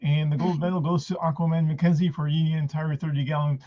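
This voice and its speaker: A man doing stand-up jokes over a video call, halting with many fillers, clearing his throat and giggling at his own lines. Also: a little high, level tone, warm tone. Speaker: stand-up comedian. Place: at home in front of a green screen. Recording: muffled lo-fi video call audio.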